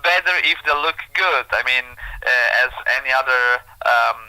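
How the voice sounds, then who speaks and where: A man's voice: mid-range voice, moderate pace, pushed and bright, poor audio. An Italian man, a guest escapologist, answering interview questions in English with an Italian accent, hesitant and full of fillers. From Italy. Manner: hesitant, many fillers, non-native phrasing.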